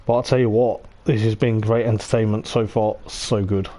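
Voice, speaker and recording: An excitable man commentates a sim race live into his mic, piling on hype and repeating himself. His voice is mellow and warm, growing a little hoarse as he talks. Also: lowish voice, normal speed. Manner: excitable, repeats "I tell you what", laughs often. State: voice going hoarse.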